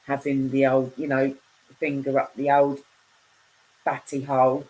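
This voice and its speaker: A woman's voice: low voice, moderate pace, a little mellow, rough recording. A woman chatting casually on a live stream, reading viewers' comments and bantering with them, laughing often.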